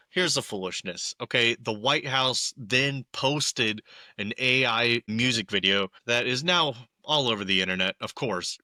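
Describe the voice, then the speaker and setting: A man's voice: on the low side, bright, forceful tone, dry recording. A young man hosting a podcast alone, giving opinionated political commentary with emphatic, exasperated asides. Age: young adult. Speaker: podcast co-host.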